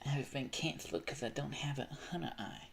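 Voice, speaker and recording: A man streaming live who talks at a middling pitch in an easy, offhand way. He reacts to pictures and viewer messages on the fly, swearing freely and breaking into laughter. His sentences often stop and restart. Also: moderate pace, vocal fry, music in the background. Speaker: livestreamer.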